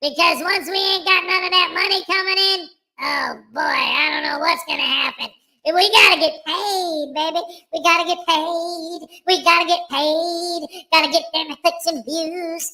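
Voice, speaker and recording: A man voicing a squeaky, boastful male auditor who brags about getting paid in a cocky, jive-talking way. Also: gravelly, pushed and bright, full character voice. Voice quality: squeaky high voice. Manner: cocky jive-talking bragging, yelps in pain.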